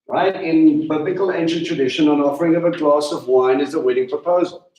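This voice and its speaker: A man teaching a congregation at a Passover meal. He talks in an animated way, asks many questions and slows down to stress key words. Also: on the high side. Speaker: teacher leading a Passover Seder. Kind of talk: sermon-style teaching. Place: congregation hall. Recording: echoey room, voice from a distance.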